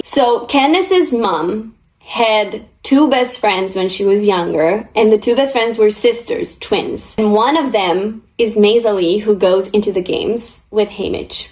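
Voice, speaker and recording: A woman's voice: mid-range voice, a little mellow. A young woman vlogging about books, talking in a chatty, gushing and emotional way. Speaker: book vlogger. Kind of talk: casual chat.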